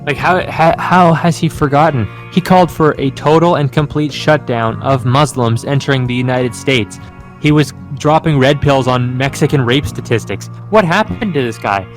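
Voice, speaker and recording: A man's voice: mid-range voice, normal speed, faint music behind. A man co-hosting a podcast in casual political chat, rambling and profane with many restarts. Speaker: podcast co-host.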